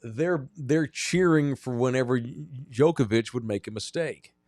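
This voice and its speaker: A man's voice: medium pitch, a little slow, darkish tone, dry recording, studio quality. Blunt, profane male sports podcast co-host. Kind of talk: casual sports chat.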